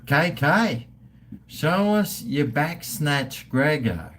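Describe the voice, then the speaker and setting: An Australian man in his fifties drawls through a casual live stream at a slow pace. He jokes crudely and swears freely as he toasts his viewers. Faint background noise sits behind his voice. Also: on the high side, big pitch swings, fairly bright tone. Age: 50s. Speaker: livestream host.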